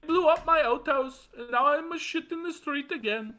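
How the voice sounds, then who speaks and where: A man's voice: extremely high pitch, moderate pace, sharp tone. A man putting on an Indian accent to play a pushy, nagging character on a comedy livestream. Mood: mock-grandiose. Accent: put-on Indian accent. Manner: repeats a catchphrase, nagging and needling. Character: pushy mock-Indian man, heckling and badgering. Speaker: co-host.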